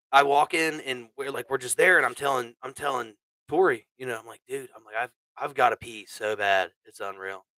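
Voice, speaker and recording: A man hosting a podcast, telling a crude story in a casual, animated way, swearing a lot. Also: mid-range voice, dry recording, low-quality recording. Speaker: podcast host.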